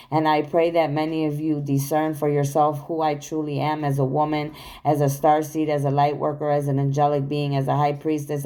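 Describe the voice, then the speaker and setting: Woman, low voice, spiritual vlogger, earnest and accusing, repetitive declarations, phone recording. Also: dark tone. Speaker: spiritual channel host. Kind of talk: spiritual monologue to viewers.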